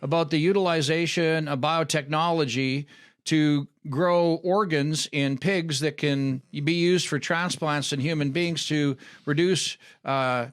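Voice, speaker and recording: An agronomist guest in a casual interview speaks in a clear, resonant, slightly high voice, steady and a little slow. He argues earnestly, restarting sentences and repeating words as he begins them.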